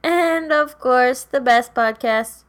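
A young woman co-hosts a casual podcast. Her voice is high and her pace slow and easy. She drops dry, teasing one-liners. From Canada. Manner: dry, teasing, deadpan jokes. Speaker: podcast co-host.

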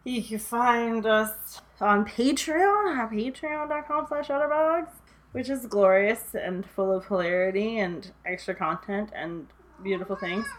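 A woman's voice: fairly high pitch, a little slow, slight background noise. A young woman co-hosting a podcast, with a giggly, rambling, joking way of talking. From Canada. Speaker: podcast co-host. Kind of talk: casual podcast chat.

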